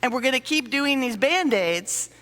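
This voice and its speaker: A high-pitched, bright-voiced woman gives an animated talk to a conference audience and acts out small scenes as she goes. Her voice rings with the long reverb of a large hall. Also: moderate pace. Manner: animated storyteller, acts out sighs and little scenes. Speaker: conference speaker on dementia care. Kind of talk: lively presentation to an audience.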